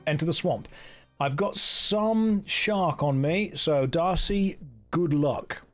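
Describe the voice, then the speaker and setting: Joking British man streaming a game. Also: medium pitch. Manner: joking, self-mocking, reads chat aloud. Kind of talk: casual game stream chat.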